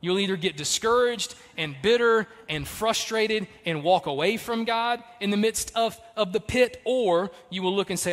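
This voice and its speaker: High-voiced preacher in a reverberant hall. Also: male voice, moderate pace, hardly any pauses. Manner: emphatic, swings between loud punches and soft trailing lines. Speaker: pastor. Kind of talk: sermon.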